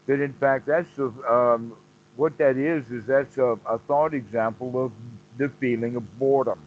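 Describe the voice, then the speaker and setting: Male meditation teacher, mid pitch, unhurried explainer, lo-fi call audio. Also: slight background noise. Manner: slow, explanatory, repeats phrases. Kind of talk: dharma talk on a call.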